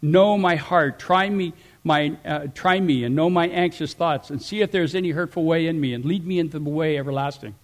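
A middle-aged man preaching a sermon, animated, swinging between loud emphatic rises and quiet asides. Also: on the high side, brisk, few pauses. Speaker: pastor.

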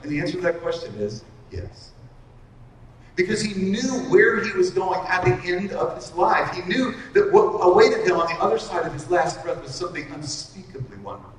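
An earnest middle-aged preacher, his voice a little high for a man, works through a passage and slows down to drive home the key lines. He sounds set back from the mic, with a long, roomy reverb filling the hall around him. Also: expressive, slight background noise. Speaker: pastor. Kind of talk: expository sermon. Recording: echoey hall from far off.

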